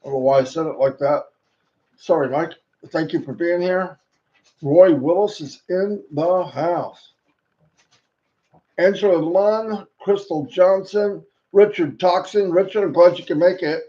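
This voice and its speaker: A man hosting a live stream, greeting viewers one by one with playful, sing-song shout-outs and little rhymes. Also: high-pitched, normal speed. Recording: dull lo-fi stream audio.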